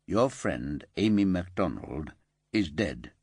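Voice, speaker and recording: A man voicing a calm, grave police detective sergeant who speaks softly and measuredly in an audiobook. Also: low-pitched, slightly rough, no room sound, voice pushed down, heavily acted. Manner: soft, measured.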